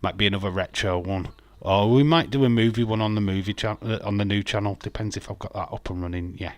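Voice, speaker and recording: Man, live-stream host, teasing and jokey, lowish voice, dry close sound. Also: fast, no echo. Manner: jokey, teasing, laughs often. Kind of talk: casual live-stream chat, reading chat aloud.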